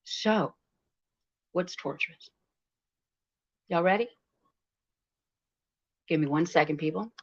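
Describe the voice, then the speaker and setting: A woman's voice: fairly low pitch, takes it slowly, long pauses. A woman hosting a livestream in casual chat, teasing her viewers and talking to them while she fiddles with her devices. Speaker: livestream host. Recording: lo-fi livestream audio.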